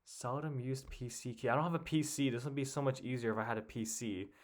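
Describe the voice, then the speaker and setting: A young man with a medium-pitched voice speaks fast as he works a crossword alone. This puzzle solver thinks aloud, muttering guesses and half-words in casual solo commentary.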